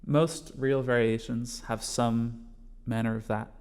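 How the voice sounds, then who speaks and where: A man teaching a bodhrán class, patiently explaining strokes step by step and calling them out loudly as he plays. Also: medium pitch, steady tone, slow pace, loud music behind the voice. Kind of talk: music lesson, counting along with drumming.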